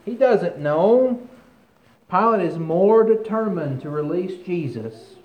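A man's voice: sits high, expressive, slow pace, muffled recording, slight background noise. Man preaching in an echoey room. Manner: reads scripture aloud with rising force, comments conversationally. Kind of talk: sermon with scripture reading.

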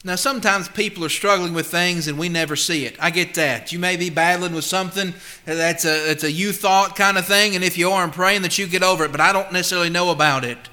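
Bright high-voiced male preacher. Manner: emphatic, swings between loud and hushed; reads scripture slowly and deliberately. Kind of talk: sermon.

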